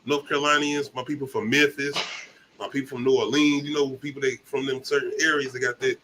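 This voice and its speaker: A man's voice: medium pitch, steady tone, quick pace, noisy background. A man from the American South co-hosting a movie review, talking in loose, profane, laughing banter. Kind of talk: casual chat.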